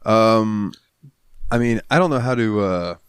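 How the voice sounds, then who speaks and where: A man's voice: lowish voice, unhurried, clear, resonant tone, no echo, clean studio sound. A man co-hosting a podcast in casual crude chat, joking and laughing often. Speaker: podcast co-host.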